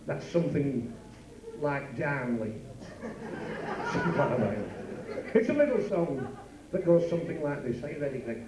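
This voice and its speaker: Club comic, man, high and brash, bawdy patter; heard from far off in a noisy, echoey room. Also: animated. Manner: bawdy, rapid patter with asides to the crowd. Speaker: club comedian. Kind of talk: stand-up comedy. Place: working men's club stage.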